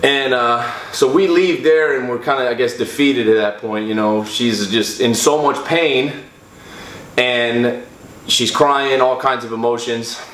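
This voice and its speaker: A man's voice: mid-range voice, a little slow, a bit bright. Man telling a personal story in an echoey room. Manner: rambling, frequent restarts and fillers. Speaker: fitness vlogger.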